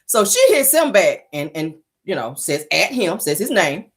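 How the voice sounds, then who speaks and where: A woman's voice: fairly low pitch, big pitch swings, moderate pace, breathy edge. A woman hosting a celebrity gossip show from her car, talking casually, teasing and profane, laughing often.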